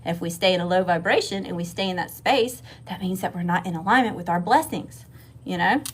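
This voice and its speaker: A woman's voice: lowish voice, fairly quick, noisy background. A woman from Mississippi with a Southern accent, giving a casual livestream tarot reading, swearing freely and calling her viewers y'all. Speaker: tarot reader.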